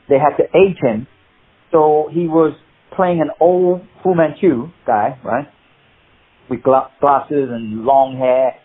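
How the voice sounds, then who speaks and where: An older man from the UK, a martial artist and actor, telling animated anecdotes in an interview, acting out the people he quotes and laughing at his own stories. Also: on the high side. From United Kingdom. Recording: husky voice over a tinny phone-like line.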